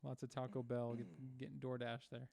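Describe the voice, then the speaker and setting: A man's voice: medium pitch, monotone, normal speed, vocal fry, warm tone, no room sound. A young man co-hosting a casual podcast chat, laid-back and joking, laughing often. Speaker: podcast co-host.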